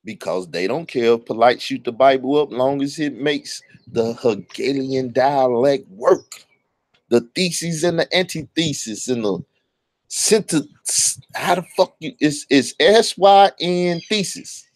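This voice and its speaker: A man's voice: medium pitch, lively intonation, unhurried, no room sound. A man, talking bluntly and profanely in a casual monologue, often stumbling over his words. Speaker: online commentator.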